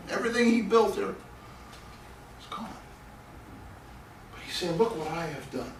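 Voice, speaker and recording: A man teaching a Bible class, chuckling and animated as he tells the story and reads scripture aloud. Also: sits high. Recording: echoey room, voice from a distance.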